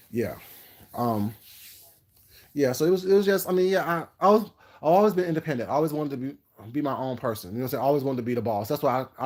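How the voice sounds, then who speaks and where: A food vlogger tells casual stories to the camera in a slightly mellow mid-range voice. Brash, sassy and self-assured, he rambles and jumps from topic to topic.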